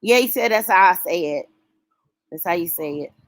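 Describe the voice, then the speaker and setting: A woman hosting a casual late-night livestream, talking warmly and emotionally with her viewers. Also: on the low side, lively intonation, normal speed, no room sound. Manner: emotional, folksy, talks straight to chat.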